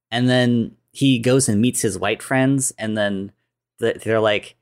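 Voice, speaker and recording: A man's voice: lowish voice, normal speed. A man casually retelling a film plot, rambling with many restarts and fillers, acting out the characters' lines. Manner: rambling, lots of "like" and restarts, acts out quotes.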